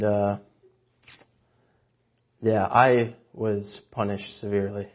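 A man preaching a sermon in a church chapel, telling a self-mocking story in a lively way with many fillers. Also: mid-range voice. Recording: dull lo-fi sermon recording.

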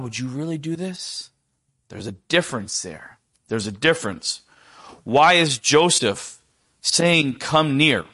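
A middle-aged man with a medium-pitched voice delivers a sermon, posing rhetorical questions to the congregation. He sinks almost to a whisper when quoting tender lines.

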